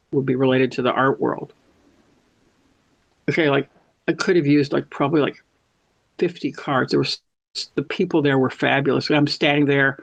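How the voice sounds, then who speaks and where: A man's voice: medium pitch, creaky, dry recording. A man chatting casually and telling a meandering story full of self-corrections, as a guest. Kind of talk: casual anecdotal chat. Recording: dull lo-fi sound.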